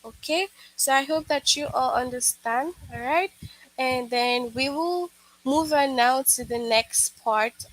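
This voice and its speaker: High-voiced woman teaching young children. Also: fairly bright tone, dry recording, rough recording. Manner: patient, repetitive explaining with frequent "okay" and "all right". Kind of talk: online class lesson for young children.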